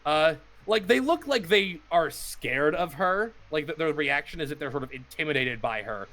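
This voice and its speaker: A man narrating a tabletop game as game master, halting speech with many fillers and restarts. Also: on the high side, animated, a bit bright.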